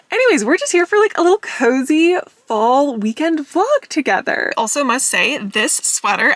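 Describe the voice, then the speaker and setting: A woman from Canada chatting casually to the camera for her vlog, giggly and relaxed, first in a car and then out in an orchard. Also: high-pitched, dry recording. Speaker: vlogger.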